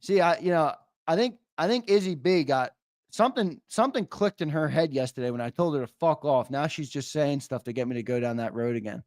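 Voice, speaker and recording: A man with a fairly high voice hosts a livestream in loose, casual chat. He teases his viewers, curses freely and trades loud, rowdy banter. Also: animated, a little fast. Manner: profane, teasing, loud banter. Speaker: host.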